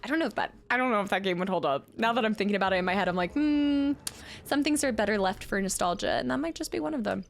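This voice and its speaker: A woman's voice: mid-range voice, animated, racing, vocal fry, few pauses, a bit bright, slight background noise. A woman streamer chatting casually with viewers while playing a game, laughing often and thanking people for donations and follows. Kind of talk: casual live-stream chat while gaming.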